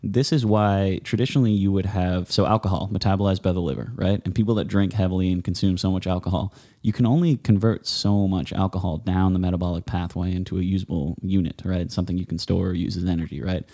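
Low, dark-voiced man explaining casually. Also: steady tone, fast talker, hardly any pauses. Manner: explains with many fillers and restarts, sarcastic asides. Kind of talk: casual conversation.

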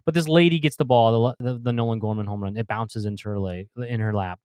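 Animated man telling a story. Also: on the low side, fast talker, smooth, dry recording. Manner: animated storyteller, repeats words, acts out the yelling fans. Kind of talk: casual chat on a video call.

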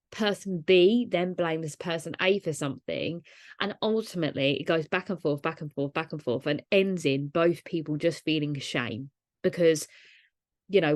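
Casting note: woman, podcast host, low voice, dry close sound, chatty and reflective. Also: dry recording. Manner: conversational, reflective, uses rhetorical tags like "right?". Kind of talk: solo podcast talk.

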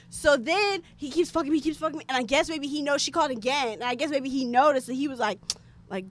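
A young American woman telling a story in casual, animated chat, with lots of filler words and sudden loud outbursts. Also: sits high, fast. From United States. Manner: animated, chatty, filler-heavy, bursts into shouting.

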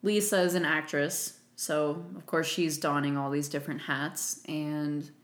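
Woman co-host, lowish voice, chatty movie recap, roomy echo. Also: flat delivery, unhurried. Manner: chatty, laughs often, acts out quotes. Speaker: podcast co-host. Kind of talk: casual chat recapping a movie. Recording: echoey room.

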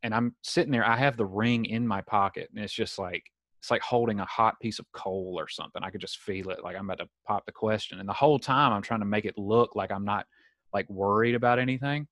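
A young man, hosting a podcast over a video call and telling a story in a casual, animated way. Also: fairly low pitch, fast, no room sound. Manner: animated storyteller, acts out quoted voices. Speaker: podcast host.

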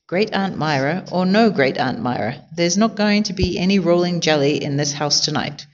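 A woman's voice: fairly low pitch, expressive, normal speed, dull audio, a little hiss or hum, lightly acted. A woman voicing a cheerful, literal-minded housekeeper with folksy, plain-spoken talk in a storybook. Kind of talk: storybook character voice.

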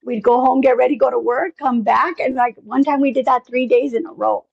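Gravelly, husky woman telling a story. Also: sits high, steady tone, fairly quick, dry recording, muffled recording. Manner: rambling, many fillers, acts out dialogue. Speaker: interview guest. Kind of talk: personal storytelling.

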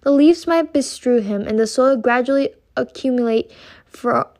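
A woman reading a classic novel aloud, slowly and carefully, sometimes stumbling over words. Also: high voice, darkish tone. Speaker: reader.

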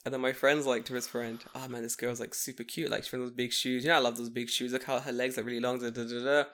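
A man telling stories on a casual podcast chat, animated, swearing often and laughing as he acts out the people he quotes. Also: medium pitch, quick pace. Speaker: podcast co-host.

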